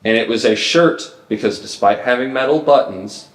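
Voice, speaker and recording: A man hosting a podcast, telling stories in a deadpan, mock-grandiose way in casual comedic chat. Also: medium pitch, moderate pace. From Mississippi, US. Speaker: podcast host. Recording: echoey room.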